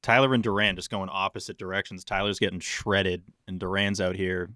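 A man's voice: deep voice, level tone, brisk, sharp tone, dry recording, clean studio sound. A man co-hosting a sports podcast, blunt and joking in casual chat. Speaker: podcast co-host.

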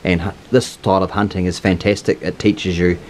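A fast-talking man, a little low in pitch, guiding hunters through the bush in an easygoing, encouraging way. He is recorded outdoors with a faint hiss behind him. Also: level tone. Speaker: hunting guide and channel host. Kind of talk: casual outdoor instruction and wrap-up chat. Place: outdoors on a hillside.

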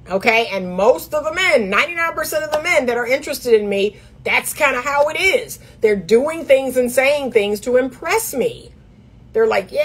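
A middle-aged woman with a slightly high, husky voice talks straight to camera as a dating coach. She is emphatic and sassy, laughing often and slipping into a high mocking voice to mimic others. Her delivery is direct and animated.

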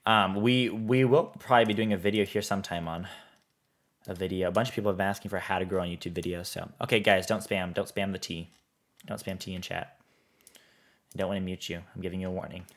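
A man's voice: deep voice, fairly even intonation, fast. A man streaming a building game, reading chat aloud and answering in a rambling, easygoing way. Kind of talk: casual live-stream chat while playing.

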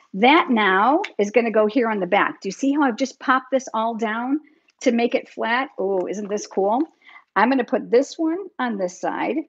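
A woman's voice: mid-range voice, husky, dull audio. A middle-aged woman teaching card making on a live stream, chatty and upbeat, talking straight to her viewers. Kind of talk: live crafting tutorial. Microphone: demonstrating at a craft table, hands busy.

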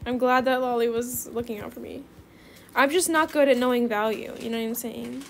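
Excitable teen girl creator, high voice with fry, chatty gameplay commentary. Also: brisk, slight background noise. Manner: calls viewers bestie. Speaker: gaming video creator.

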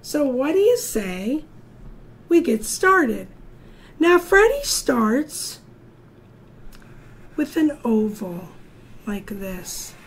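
A woman's voice: high-pitched, big pitch swings, drawn-out words, long pauses, slight background noise. A woman teacher reading a story and leading a drawing lesson for young children, in a singsong, encouraging way. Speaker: art teacher.

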